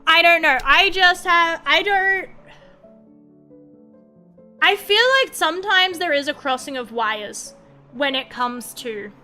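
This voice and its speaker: Bright high-voiced Australian woman. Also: slow, long pauses. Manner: rambling, profane and self-mocking. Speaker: streamer. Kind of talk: casual streaming chat while drawing. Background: faint background music.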